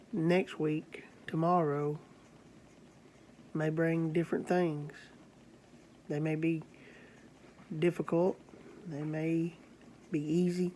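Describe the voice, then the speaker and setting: Slow, earnest preacher. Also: mid-range voice, a little mellow, a little hiss or hum. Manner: slow, earnest, halting with fillers. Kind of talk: storytelling sermon.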